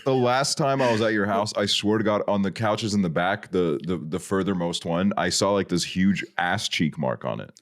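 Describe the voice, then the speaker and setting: A man with a very deep, low voice co-hosting a casual podcast. He teases the others in a mock-spooky, deadpan way, building up his jokes slowly.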